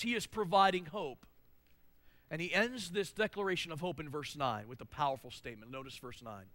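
High-voiced pastor guy giving a sermon, gets loud then drops to a hush, sharp tone. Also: brisk, no room sound. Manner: emphatic, swings between loud declarations and hushed asides.

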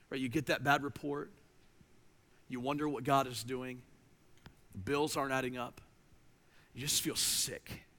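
A man preaching a sermon, animated, climbing to emphatic peaks and then dropping low. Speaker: pastor. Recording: reverberant hall.

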